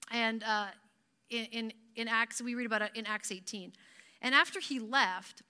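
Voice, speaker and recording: A Canadian woman preaching a sermon to her church, chatty and animated and often laughing. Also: on the high side. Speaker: pastor.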